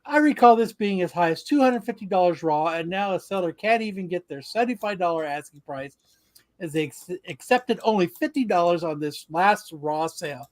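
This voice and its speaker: High-voiced man reading out sales notes. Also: animated, fairly quick. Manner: joking, swears freely. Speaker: podcast co-host. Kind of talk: casual podcast chat reading out sales notes.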